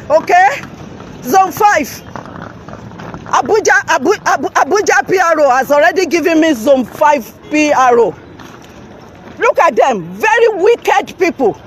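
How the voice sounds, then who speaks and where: A Nigerian woman live-streaming from her phone outdoors, shouting and confronting people, repeating herself urgently. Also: extremely high pitch, expressive, unhurried, a little hiss or hum, poor audio. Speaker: livestreamer confronting officials. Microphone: phone held while live streaming.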